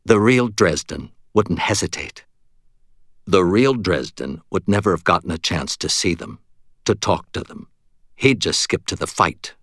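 A man's voice: low-pitched, expressive, unhurried, fairly bright tone, no echo, clean studio sound, exaggerated voice. A man voicing a blunt, determined woman who used to be a police officer, speaking firmly in an audiobook. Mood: cold. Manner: firm, clipped and intense. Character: tough blunt woman ex-cop, hard and determined.

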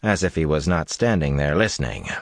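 A man with a very deep voice narrates a fantasy novel, his intonation swinging widely. His reading is measured and expressive. The recording is dry and close. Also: vocal fry, dry recording. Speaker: audiobook narrator. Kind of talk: scripted narration.

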